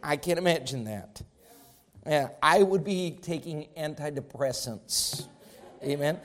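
Male preacher, high-pitched, emphatic sermon delivery with repetition. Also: unhurried. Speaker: pastor.

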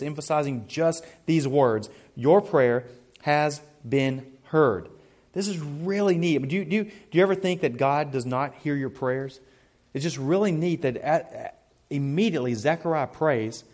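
Earnest higher-voiced male preacher. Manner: earnest, emphatic, repeats words when starting a phrase. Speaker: pastor. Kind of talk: sermon.

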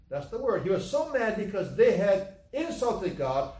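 A man preaching a sermon as a pastor, animated, acting out biblical scenes with sudden loud outbursts. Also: high-pitched, normal speed. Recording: roomy sound from a distance with faint background noise.

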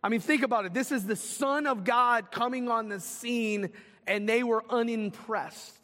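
A man preaching a sermon as pastor, swinging from loud, urgent calls to hushed, slow lines. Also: very high-pitched, long reverb tail.

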